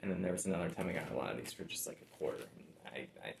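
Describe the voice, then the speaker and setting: A man's voice: deep voice, animated, very fast, creaky, reverberant, a little hiss or hum, poor audio. A man chatting casually about items he has sold, laid-back and rambling with lots of fillers. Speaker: reseller showing sold items. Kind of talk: casual chat.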